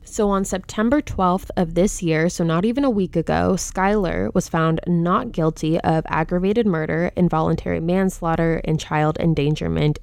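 A young woman hosts a true-crime podcast in a casual, opinionated way and lets her indignation show. Her voice sits slightly low. The recording is close and dry, with no room sound. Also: darkish tone, clear, resonant tone, no room sound. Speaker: podcast host.

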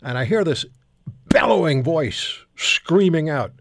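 A man's voice: a little high, animated, measured pace, gravelly, no echo, clean studio sound. An older man from Canada hosting a casual panel talk show, telling rambling, self-deprecating stories.

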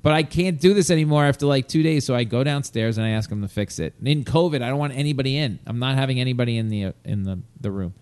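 A man's voice: mid-range voice, quick pace, few pauses, darkish tone, clean tone. Exasperated man telling a story. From New York. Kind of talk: casual storytelling chat.

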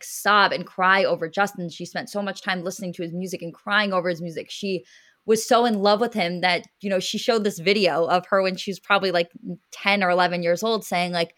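A young woman co-hosting a podcast tells a story in casual chat, gushing emotionally and using lots of filler words. Her mid-range voice is a bit bright, fairly quick, and fairly even in intonation.

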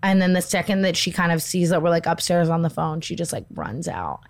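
A young woman with a fairly low voice tells a story on a casual podcast. She talks in an animated way, says "like" constantly and jumps up high to act out shrill quoted voices. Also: a little fast, gravelly. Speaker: podcast co-host.

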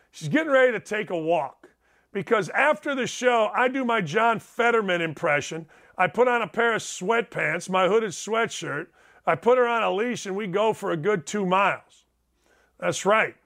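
A man's voice: sits high, animated, normal speed, fairly bright tone. A middle-aged man hosting a sports talk show from home, ranting in an emphatic, sarcastic and digressive way. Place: home studio.

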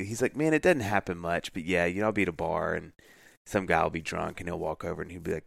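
Here a deep-voiced podcast co-host talks quickly with some vocal fry, laughing frequently as he acts out quotes in a relaxed storytelling chat. There's no room sound, just clean studio audio.

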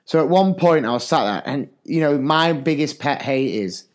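A man's voice: a little high, lively intonation, moderate pace. A man, a teacher co-hosting a podcast, telling rambling classroom stories full of asides. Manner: rambling, chatty, lots of fillers and asides. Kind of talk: casual storytelling chat.

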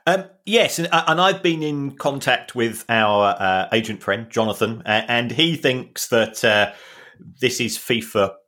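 A man's voice: medium pitch, a little slow, bright, forceful tone. A man co-hosting a podcast, explaining football club finances in a casual, hesitant way with many ums and restarts. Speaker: football finance expert and co-host.

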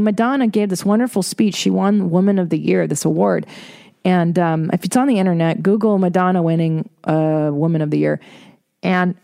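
A woman's voice: fairly low pitch, fairly even intonation, normal speed, vocal fry, dark tone, no echo, clean studio sound. A woman hosting her own podcast, ranting casually in a blunt, profane way. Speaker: podcast host. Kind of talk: solo podcast rant. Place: home recording studio.

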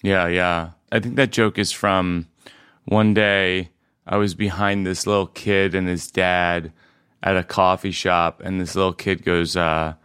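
A man's voice: sits low, flat delivery, a bit bright, smooth, no echo, clean studio sound. A comedian guest telling stories in casual conversation, rambling and correcting himself as he goes. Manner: rambling, halting, self-correcting storyteller.

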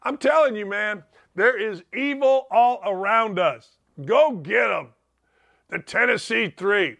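A man's voice: high-pitched, animated, slow, creaky, fairly bright tone. A man hosting a podcast, giving a combative, sarcastic opinion monologue. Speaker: host.

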